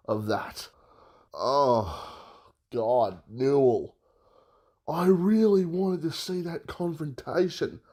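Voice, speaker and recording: Slow, sore-throated man ranting. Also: mid-range voice, darkish tone. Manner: theatrical, exclaiming, mock outrage. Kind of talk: casual ranting.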